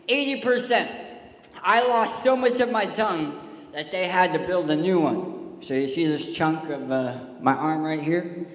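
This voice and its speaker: A man's voice: sits high, a bit bright. A man with a lisp giving a joking, storytelling talk on a church stage. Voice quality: lisp from tongue surgery. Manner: joking, storytelling, addresses kids. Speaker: touring speaker and singer. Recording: echoey hall with live music.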